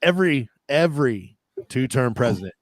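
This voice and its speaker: A man with a Midwestern American accent, a travel agent co-hosting a roundtable and chatting in a joking, animated way. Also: mid-range voice, moderate pace, no room sound. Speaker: podcast co-host, travel agent. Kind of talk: casual roundtable chat.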